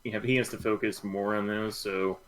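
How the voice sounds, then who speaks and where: A man co-hosting a casual book club podcast, speaking in a measured, slightly hesitant and thoughtful way. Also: lowish voice, flat delivery, very noisy. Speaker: podcast co-host.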